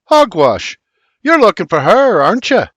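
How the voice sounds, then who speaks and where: A man's voice: sits high, very animated, normal speed, fairly bright tone, no echo, pitched above the performer's own voice, heavily acted. A man voicing a sarcastic young son with a whiny, mocking brogue, in an audiobook. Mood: cheeky.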